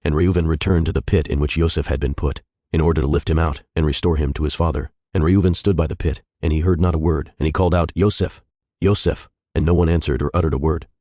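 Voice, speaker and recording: A man reading scripture aloud as scripted narration, in a steady, solemn manner. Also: rumbling low, fast talker, hardly any pauses, dry recording, studio quality. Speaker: scripture reader.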